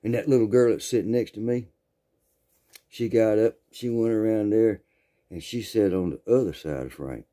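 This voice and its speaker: An older man in his sixties with a Southern accent spins a funny yarn in casual spoken storytelling, rambling folksily and repeating himself often. His voice sits fairly low, with a dark tone and a normal pace.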